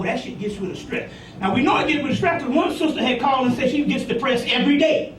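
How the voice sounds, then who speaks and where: A man's voice: very high-pitched, fairly bright tone, a little hiss or hum. A man giving a rambling, profane informal lecture to an audience, often asking "you see what I'm saying". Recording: echoey room, voice from far off.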